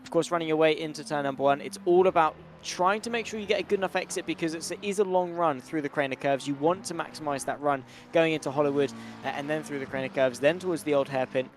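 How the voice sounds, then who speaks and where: A man commentating a sim racing broadcast, chatty and quick with slang. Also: fairly high pitch, slight background noise. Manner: brisk, chatty play-by-play with British slang. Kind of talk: live race commentary.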